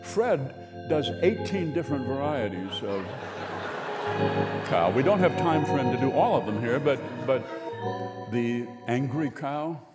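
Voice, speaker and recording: A man's voice: medium pitch, animated, unhurried, in a large hall, over loud music. A man hosting a live radio show and telling a wry, meandering tale.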